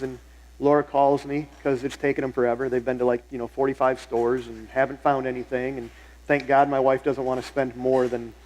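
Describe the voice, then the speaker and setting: A man's voice: mid-range voice, a little mellow, poor audio. A middle-aged male pastor preaching a sermon in a church, telling stories in a conversational way and repeating phrases for emphasis. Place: church sanctuary.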